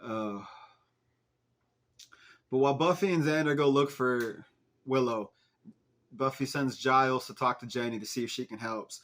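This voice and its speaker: A young man hosting a fan podcast, walking through an episode in relaxed, chatty talk. He keeps breaking into laughter and exasperated swearing at the characters, and his voice sits at an ordinary middle pitch. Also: normal speed, long pauses. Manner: animated, swearing, laughing at the plot. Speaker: podcast host recapping an episode. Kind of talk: casual recap chat.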